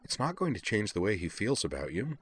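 Storybook: a protective female companion, read by a man, gentle and reassuring. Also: very animated, a little fast, slightly rough. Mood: soothing. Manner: gentle and soothing, pitched up.

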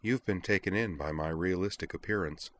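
A man voicing a composed female android girl who speaks flatly and calmly, in a storybook reading. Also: low voice, moderate pace. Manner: flat, calm, emotionless.

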